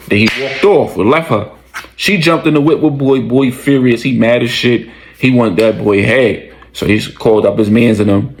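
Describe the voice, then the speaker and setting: A man casually telling a story, slangy and conversational, with animated retelling. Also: medium pitch, moderate pace, poor audio.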